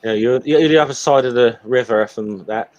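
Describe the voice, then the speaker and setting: A man's voice: medium pitch, normal speed, darkish tone, highs cut off. A man in casual group chat on a stream, talking hesitantly with many ums and restarts. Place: Hampshire home, voice call.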